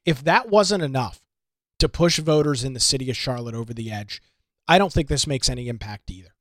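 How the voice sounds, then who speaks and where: A man's voice: mid-range voice, expressive, brisk, a bit bright, no room sound, studio quality. A man hosting a political talk show, delivering an emphatic, indignant monologue with lots of rhetorical repetition. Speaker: radio talk show host.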